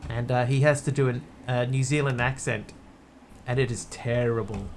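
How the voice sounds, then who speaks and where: A man's voice: mid-range voice, steady tone, moderate pace, slight background noise. A man streaming a game, chatting casually in a rambling, wry way. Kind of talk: casual gameplay chat.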